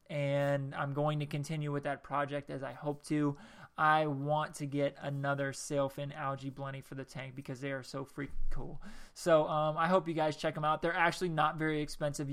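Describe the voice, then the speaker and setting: A man hosts a casual solo podcast, reading aloud in a loose, rambling way. His voice is bright, and he trips over words and jokes as he goes. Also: fairly high pitch, clear, resonant tone. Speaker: podcast host.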